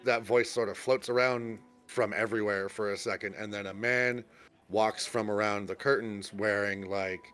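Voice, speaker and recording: Guy running a d&d game, lowish voice, rambles a lot w/ ums and likes. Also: steady tone, moderate pace, a bit bright, clear, resonant tone. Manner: rambling, full of fillers and restarts. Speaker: game master. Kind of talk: narrating a tabletop game.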